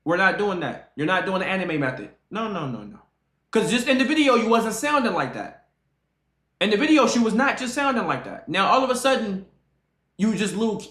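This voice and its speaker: A man reacting to a clip on stream, animated and mocking, hammering points home by repeating them. His voice rings out in a noticeably echoey room. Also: high-pitched, brisk. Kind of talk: casual reaction commentary.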